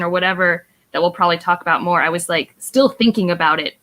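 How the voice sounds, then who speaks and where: A woman with a bright, forward voice chatting on a video call in a book club discussion. She talks in long run-on sentences, peppered with "like". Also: fairly low pitch, fast, few pauses. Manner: chatty, lots of "like".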